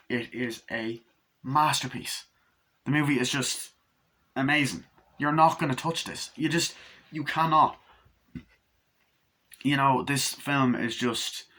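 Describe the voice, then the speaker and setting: A man's voice: mid-range voice, bright, forceful tone. A young man casually reviewing a film, rambling with lots of fillers and offhand swearing.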